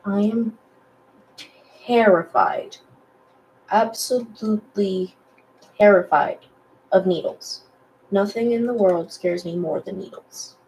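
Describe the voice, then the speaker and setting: A young woman talks slowly while she draws, rambling and self-deprecating, with plenty of fillers. She speaks in a low morning voice at a medium pitch. A faint hiss sits behind her. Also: darkish tone, poor audio. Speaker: digital artist vlogger. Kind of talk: casual chat while drawing.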